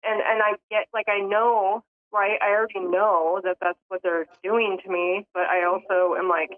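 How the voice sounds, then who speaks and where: A woman's voice: mid-range voice, little pitch movement, normal speed, few pauses. A woman caller talks loosely with lots of fillers, laughing as she goes. Her voice sits in a middle register. It comes through a thin, tinny phone line. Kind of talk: casual phone call.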